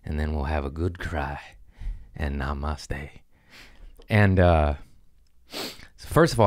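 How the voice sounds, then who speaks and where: A man on a podcast telling a profane, animated comic story and acting out the voices of the people in it. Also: very deep voice, slow, pauses often, dry recording, clean studio sound. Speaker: comedian guest on a podcast.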